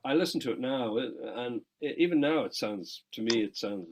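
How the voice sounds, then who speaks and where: Irish male guest, middle-aged, husky voice, animated storyteller who swears freely. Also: mid-range voice, rough recording. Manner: animated anecdotes, quick asides and frequent swearing. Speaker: guest musician. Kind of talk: casual interview storytelling.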